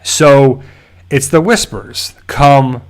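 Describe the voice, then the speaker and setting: A man's voice: medium pitch, very slow. A man hosting a show, recapping episodes in a loose, casual way full of fillers. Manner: loose, filler-heavy storytelling. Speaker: show host.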